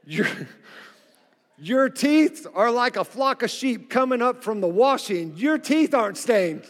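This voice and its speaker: Pastor, male, high voice, energetic and joking, recorded in a church with long reverb. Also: unhurried. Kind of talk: sermon. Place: church sanctuary.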